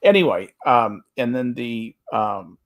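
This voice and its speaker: A man on a podcast panel, talking in a halting way with lots of restarts. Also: mid-range voice, animated. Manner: halting, many restarts and stammers. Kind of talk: casual chat.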